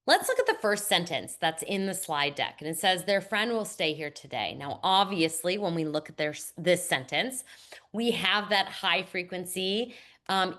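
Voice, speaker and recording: A woman's voice: mid-range voice, a bit bright. A woman literacy instructor walking teachers through a reading lesson, modeling classroom routines. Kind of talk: teacher training demonstration.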